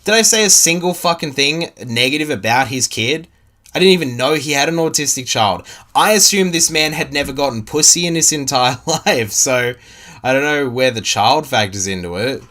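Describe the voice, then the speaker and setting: A man's voice: mid-range voice, lively intonation, moderate pace, pushed and bright. A young man with an Australian accent, a streamer, talking in a taunting, profane, laughing way. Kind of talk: mocking streamer commentary.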